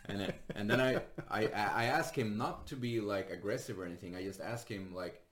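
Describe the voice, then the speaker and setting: A man's voice: on the low side, a little fast, few pauses, fairly bright tone. A man, a stand-up comedian, telling a story in casual chat, laughing often and swearing freely. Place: Sweden.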